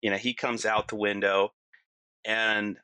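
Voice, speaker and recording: A middle-aged man recounts a personal story in an animated, casual way, his talk full of "like" and "you know." His voice is bright and forceful. The sound is close and dry, with no room echo. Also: lowish voice, measured pace, clear, resonant tone. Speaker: guest telling a personal story.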